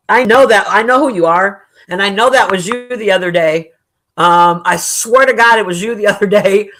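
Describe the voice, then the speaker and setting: Reading through the chat, this streamer keeps things casual with a medium-pitched, slightly bright voice at a normal speed. Expect profanity, jokes and plenty of laughter, all delivered bluntly and with strong opinions.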